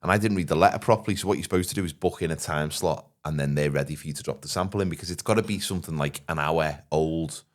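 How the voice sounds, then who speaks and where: A man co-hosting a podcast, telling rambling, crude anecdotes and quick quips. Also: very deep voice. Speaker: podcast co-host. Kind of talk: casual pub-style banter.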